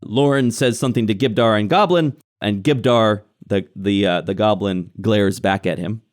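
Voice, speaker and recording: A man's voice: fairly low pitch, moderate pace. A man narrating a tabletop game as game master, describing scenes with frequent fillers.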